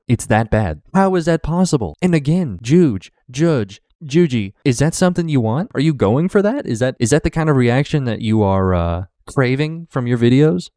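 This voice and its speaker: A man's voice: mid-range voice, no room sound, clean studio sound. A male reaction video host who rants in exasperated, profane, casual talk. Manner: exasperated, ranting.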